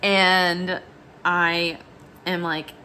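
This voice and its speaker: A woman vlogger telling a story in a chatty, animated way, with lots of "like" fillers. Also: on the low side, drawn-out words, a little hiss or hum. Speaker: beauty vlogger. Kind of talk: casual storytelling vlog.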